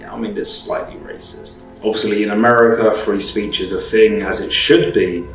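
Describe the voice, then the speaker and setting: A man with a lowish voice walks through legal points in a measured, disapproving tone. He sounds set back from the mic in a roomy space. Faint music plays underneath. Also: fairly even intonation, recorded from a distance. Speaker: commentator. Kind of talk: reaction commentary explaining law.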